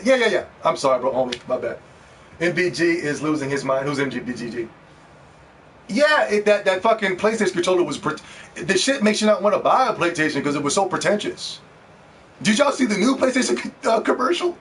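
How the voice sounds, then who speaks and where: Here a male gaming commentator mocks and curses through a heated rant about video games in vlog commentary. He sounds high-pitched and sing-song, a bit bright, and talks fairly quickly. Faint background noise accompanies the distant microphone.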